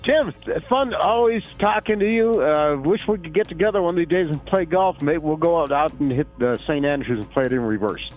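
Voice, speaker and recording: A man's voice: fairly high pitch, fairly quick, hardly any pauses, dull audio, faint music behind. A man hosting a sports radio show, chatting casually with stammering restarts and easy laughs. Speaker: radio host. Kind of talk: radio interview.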